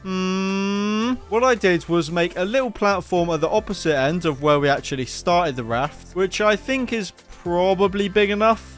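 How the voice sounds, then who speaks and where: A man's voice: high voice, lively intonation, moderate pace, few pauses. Joking man narrating a game. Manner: jokey, self-mocking, sarcastic asides. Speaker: Minecraft YouTuber. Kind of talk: playful gaming commentary. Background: background music.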